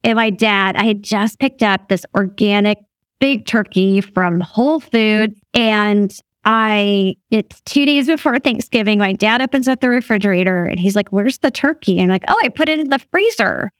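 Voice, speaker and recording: A woman in her fifties, appearing as a guest, tells a story in a casual chat with a smooth, mid-range voice at a moderate pace. She laughs often and animatedly acts out what other people said. The studio-quality recording has no echo.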